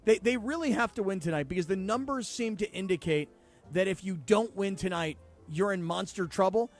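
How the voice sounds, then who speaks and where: A male sports talk host with a notably high voice lays out bold predictions with easy confidence. A faint music bed runs under the studio banter. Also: brisk. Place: radio studio.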